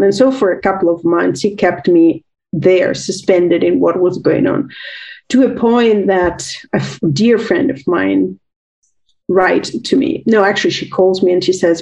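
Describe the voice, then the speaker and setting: A woman's voice: mid-range voice, fairly even intonation, measured pace, darkish tone. A woman from Italy, a guest author and coach recounting a personal story in an interview, earnest and reflective, repeating words as she searches for them.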